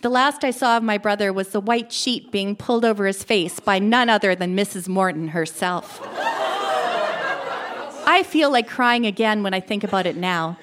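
Woman reading a dark story aloud. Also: mid-range voice, normal speed. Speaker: reader.

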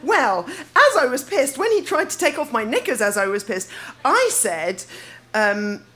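A woman's voice: high voice, sing-song, measured pace, sharp tone. A woman, reading her teenage diary aloud on stage at a live show and often breaking into giggles. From England. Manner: giggly, breaking into laughter between lines. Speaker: diary reader.

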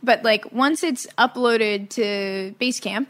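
A woman's voice: fairly high pitch, takes it slowly, a bit bright. A woman on a podcast team, chatting casually in an easygoing way and often saying "like". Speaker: podcast team member, note-taker.

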